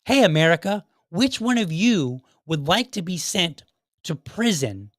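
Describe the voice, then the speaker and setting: A podcast host with a high-pitched voice and big pitch swings speaks unhurriedly through a heated opinion monologue. He fills it with rhetorical questions and mocking impressions of his critics. The studio sound is clean, with no room echo.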